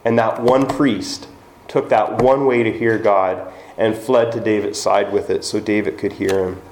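A man's voice: fairly low pitch, steady tone, a little slow, background noise. A man giving a conversational sermon as pastor, now and then acting out quoted voices. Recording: echoey room with faint ambience.

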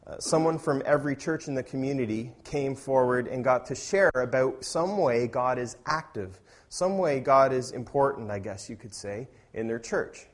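A male pastor delivering a sermon in an easy, conversational tone. His voice sits at an ordinary middle pitch, and he swells into loud, emphatic passages whenever he reads scripture. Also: moderate pace, hardly any pauses.

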